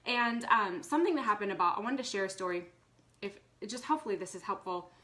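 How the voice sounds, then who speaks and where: A woman in her thirties with a bright, clear voice, speaking at an ordinary mid pitch. She talks to her viewers in an earnest, chatty way, filling her pauses with fillers. It feels like casual live talk. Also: expressive. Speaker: vlogger.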